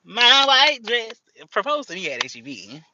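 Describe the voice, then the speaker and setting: Laughing often, a woman hosts a casual livestream, chatting to her viewers in a playful, slangy way. Her voice sits on the high side, sing-song and sharp-toned, at a normal speed. The stream audio is dull and lo-fi.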